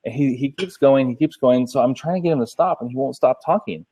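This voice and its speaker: Man, casual chat, mellow voice, animated storytelling. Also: medium pitch, quick pace. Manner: animated storytelling, acting out phone calls. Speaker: podcast co-host.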